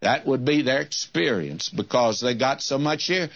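An older man preaching a sermon in a slow, deliberate way, lifting his voice when he reads scripture. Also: medium pitch, animated, creaky, fairly bright tone. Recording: dull lo-fi old sermon recording.

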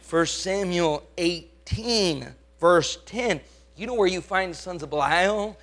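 A man preaching a sermon as pastor, emphatic, swinging from hushed lines to loud ones and asking the congregation questions. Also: high voice, expressive, slow pace.

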